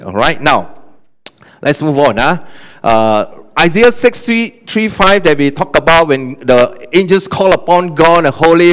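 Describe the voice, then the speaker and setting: A male pastor preaching a sermon, animated, often checking in with "okay" and "all right?". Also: medium pitch. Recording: long hall reverb.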